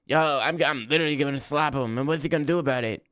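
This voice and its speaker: A man's voice: a little high, fast talker, a bit bright, clean tone, no room sound, studio quality. A young man talking casually on a livestream while gaming, rambling, swearing and reacting to chat. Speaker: streamer.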